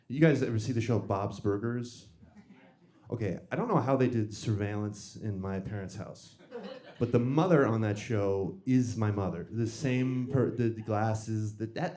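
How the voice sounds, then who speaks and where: A young man doing a stand-up comedy set in a club, with a dry, halting delivery full of restarts and self-deprecating asides. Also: on the low side, dark tone.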